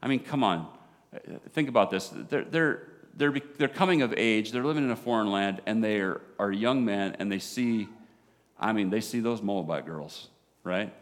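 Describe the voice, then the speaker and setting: A man with a Southern American accent preaching a sermon as a pastor, animated, dropping low and quiet for emphasis. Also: normal speed. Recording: long hall reverb.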